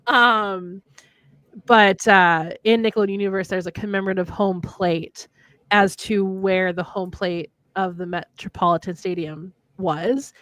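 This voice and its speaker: A woman's voice: medium pitch, steady tone, unhurried, a bit bright, dry recording. A young woman from Minnesota chatting on a livestream, rambling through fun facts. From Minnesota, USA. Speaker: livestream co-host, author. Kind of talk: casual chat.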